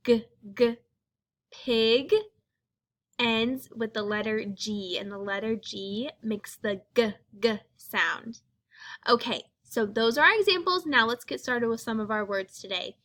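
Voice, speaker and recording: A woman's voice: a little high, measured pace, fairly bright tone. A woman teaching young children a phonics lesson, speaking patiently and sounding out each letter.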